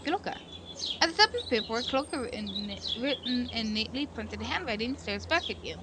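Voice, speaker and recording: A woman's voice: a little high, lively intonation, brisk, heavy background noise. A woman streaming a visual novel, reading the narration aloud and breaking off into earnest, rambling commentary with many self-corrections. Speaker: game streamer. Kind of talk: casual let's-play commentary and narration.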